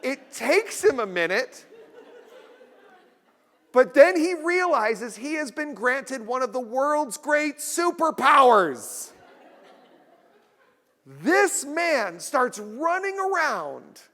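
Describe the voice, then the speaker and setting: A man with a fairly high voice gives a funny keynote talk. He carries his stories along by playing the people in them. The sound has a long hall echo around it. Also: sing-song, takes it slowly, long pauses, a bit bright, a faint crowd. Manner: storytelling, acts out voices for effect. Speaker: keynote speaker. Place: large conference hall.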